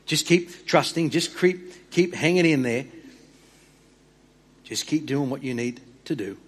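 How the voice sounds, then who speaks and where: An earnest man preaching a sermon, repeating and restarting words and dropping quiet for emphasis. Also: medium pitch, unhurried, breathy edge. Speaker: pastor.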